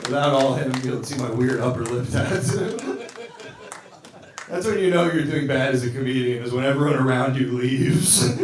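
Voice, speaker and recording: A man's voice: medium pitch, moderate pace, noisy background. A man doing a live stand-up set, teasing the crowd with loose, chatty jokes and laughing asides. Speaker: stand-up comedian. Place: live music venue with a band on stage. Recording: roomy live venue from a distance.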